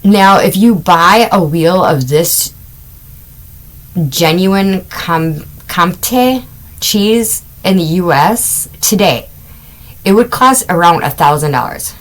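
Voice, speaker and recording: Casting note: middle-aged woman, podcast host, unhurried chatty storytelling, lower voice. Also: animated, poor audio. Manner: chatty, wandering asides, amused laughs. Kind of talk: casual true-crime podcast storytelling.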